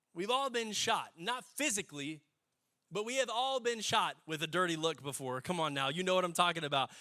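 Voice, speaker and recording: A young adult man preaching a sermon, folksy and animated, building to emphatic peaks. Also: sits high. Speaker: pastor.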